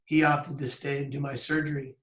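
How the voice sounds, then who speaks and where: Guy in his thirties telling his own story real earnest, pretty even flat tone, bit of roomy echo. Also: mid-range voice. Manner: earnest, measured storytelling with pauses. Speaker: public speaker. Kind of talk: personal story told on camera. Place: outdoors by a bridge.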